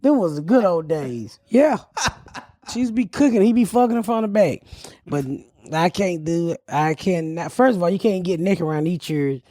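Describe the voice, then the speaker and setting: A woman's voice: lowish voice, lively intonation, moderate pace, warm tone, no room sound, studio quality. A middle-aged woman hosting a podcast, telling raunchy stories bluntly and profanely. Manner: blunt, profane storytelling with frequent laughs. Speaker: podcast host. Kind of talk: raunchy comedic chat.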